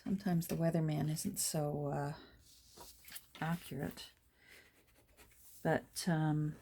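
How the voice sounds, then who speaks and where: A middle-aged woman chatting casually while she crafts at home, rambling along and murmuring soft asides to her materials. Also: low voice, fairly even intonation, slow, vocal fry, slight background noise. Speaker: junk journal crafter and vlogger.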